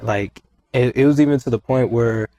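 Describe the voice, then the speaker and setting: Speaking at normal speed with a medium pitch, a young podcast guest relaxedly retells a personal story. He stays animated, often reciting exactly what was said and circling back to repeat himself.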